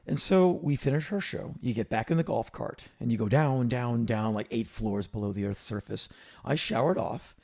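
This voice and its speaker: A man in his fifties with a gravelly, creaky voice tells a story to his co-host in an animated podcast chat. He restarts his sentences and peppers them with fillers, and his pitch sits in an ordinary middle range. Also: moderate pace. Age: 50s.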